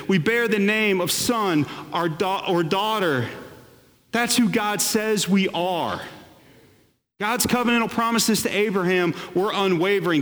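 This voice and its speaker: A man preaching a sermon as pastor, animated with playful asides. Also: sits high, long reverb tail.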